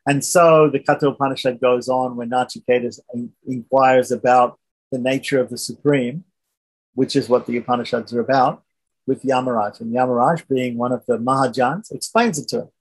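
A man's voice: medium pitch, steady tone, normal speed, husky. A man teaching a scripture class, retelling a story in a conversational way and often checking in with the listeners. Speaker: religious teacher.

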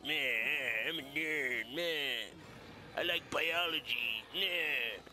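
A man giving playful let's-play commentary, excitable and jokey, taunting the monster he fights. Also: medium pitch, takes it slowly. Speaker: gaming YouTuber.

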